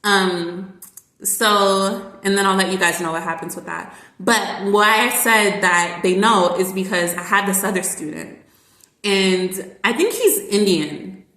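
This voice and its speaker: A woman's voice: mid-range voice, a little slow, bright, forceful tone, echoey room. A woman who teaches reading online, chatting casually in a rambling way with many fillers. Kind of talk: casual vlog chat.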